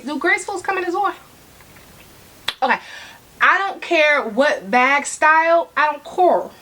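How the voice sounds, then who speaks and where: A woman's voice: sits high, bright, forceful tone. A woman vlogger giving casual advice to camera, chatty and prone to tangents, repeating points for emphasis and addressing her viewers directly.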